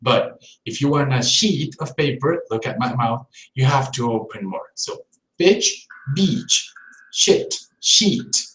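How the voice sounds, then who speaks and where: An English teacher on a live-streamed lesson, modelling word pairs slowly and repeating them for contrast, and talking to viewers in the chat. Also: medium pitch, roomy sound, rough recording.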